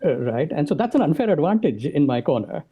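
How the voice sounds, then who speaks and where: A man's voice: fairly high pitch, big pitch swings, a little fast, mellow, slightly rough. A man being interviewed as a podcast guest, explaining his ideas in conversation and often checking in with a "right?". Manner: explanatory, tags points with "right?".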